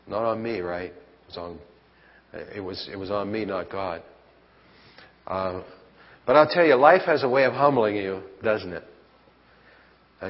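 Folksy pastor preaching in a reverberant hall. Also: male voice, lowish voice. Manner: folksy, conversational preaching with rhetorical questions. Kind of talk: sermon. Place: church. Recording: lo-fi church hall recording with long reverb.

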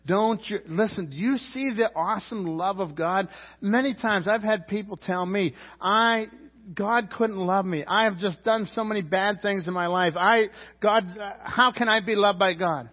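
A man preaching a sermon as pastor, emphatic, swinging from loud climbs to low quiet drops. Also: a little slow. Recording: roomy church hall, dull lo-fi sound.

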